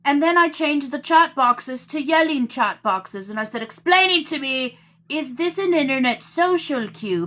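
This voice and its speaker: A woman host chatting casually to her viewers, telling a story with animated quotes and laughter. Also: high voice. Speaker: tarot channel host.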